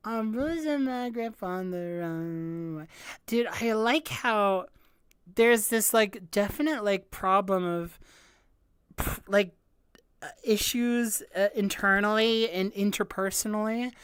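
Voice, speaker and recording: A young woman streaming a live music reaction, gushing and excitable, with lots of filler words. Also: medium pitch, slow, smooth, dry recording. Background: faint album music playing.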